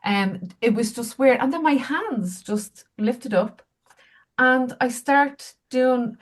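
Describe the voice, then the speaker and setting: A woman's voice: fairly high pitch, slow. A woman, a healer and medium, telling candid, self-mocking stories as an interview guest. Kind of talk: casual interview storytelling.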